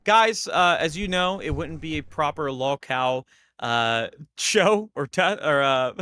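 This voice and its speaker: A man co-hosting a casual live stream who talks in an animated way, laughs often and swears, over a video call. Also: on the high side, slow, clean tone. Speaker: co-host.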